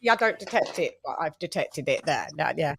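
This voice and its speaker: A woman's voice: low-pitched, expressive, brisk, gravelly, slightly rough. A woman hosting a casual livestream chat, playful, with sing-song hype introductions. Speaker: host.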